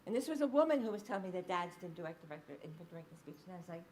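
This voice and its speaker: A woman giving a public lecture as a researcher, explaining findings in a lively storytelling way, with frequent ums and uhs. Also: on the low side, very fast, few pauses. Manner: lively anecdotal storytelling, acting out quoted speech.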